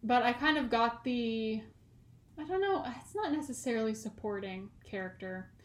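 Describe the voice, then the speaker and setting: A young woman from California talks in a loose, rambling way, padding her sentences with fillers and breaking into laughs. Her voice sits a little high. The room around her gives off a noticeable echo. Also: animated, moderate pace. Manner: chatty and rambling, many "like" fillers, laughs often. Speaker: podcast co-host. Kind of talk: casual chat.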